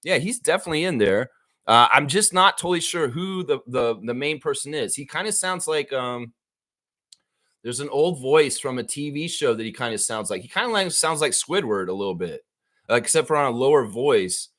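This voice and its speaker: A man with a Southern US accent hosting a live-stream, ranting in a heated, profane, animated way. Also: medium pitch, normal speed. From American South. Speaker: show host. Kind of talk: casual live-stream commentary.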